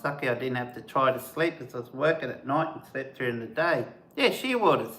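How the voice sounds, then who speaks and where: A man chats on a live stream in a relaxed, unhurried way. His voice is bright, and it leaps up and down as he acts out sounds. The room is echoey. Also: a little high. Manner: animated, mimics bird calls and sounds. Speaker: host of a camping channel, live stream. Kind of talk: casual storytelling on a live stream.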